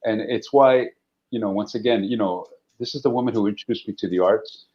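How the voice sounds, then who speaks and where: A man's voice: on the low side, a little fast, warm tone, highs cut off, a little hiss or hum. A man, an actor and guest, talking animatedly in a casual interview and often repeating words.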